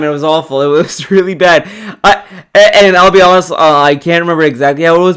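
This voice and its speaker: Smooth-voiced man mocking a stream clip. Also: on the high side, steady tone, a little fast, fairly bright tone. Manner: rambling, mocking, restarts and laughs. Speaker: commentary youtuber. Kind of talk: casual commentary over a stream clip.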